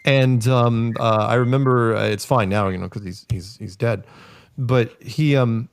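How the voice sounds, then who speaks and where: A man, a podcast guest, telling casual, rambling stories with lots of fillers and self-corrections, delivered with wry, deadpan humor. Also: medium pitch, measured pace, smooth, no room sound. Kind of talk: casual storytelling.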